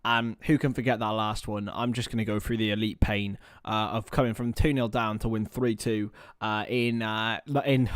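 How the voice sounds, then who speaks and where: A man's voice: mid-range voice, no room sound. A young man chats loosely on a live stream, joking about himself and answering viewer comments. His voice sits in a middle register. It is recorded dry and close on a computer mic at home. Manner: chatty, rambling, self-mocking, reads chat aloud. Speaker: livestream host. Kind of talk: casual live-stream chat. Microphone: webcam or computer mic.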